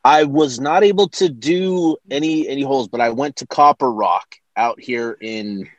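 A man co-hosting a sports podcast, chatting casually and often pausing to search for words. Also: mid-range voice, no echo, lo-fi sound. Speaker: podcast co-host.

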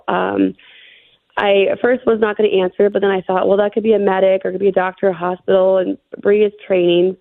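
A middle-aged woman being interviewed, recounting a frightening experience in a shaken, halting way with many fillers. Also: mid-range voice, gravelly, dry recording. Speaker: interview guest. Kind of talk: telling a personal story. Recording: phone-line interview audio.

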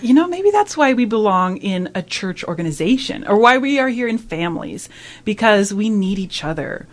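A woman's voice: mid-range voice, big pitch swings, normal speed. A woman in her thirties hosting a radio talk discussion, speaking earnestly and reflectively. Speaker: radio host.

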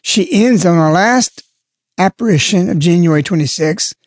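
A man's voice: high-pitched, animated, normal speed, dry recording, studio quality. A man giving a spoken religious reflection, stressing and repeating key words as he explains. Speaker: lay religious speaker.

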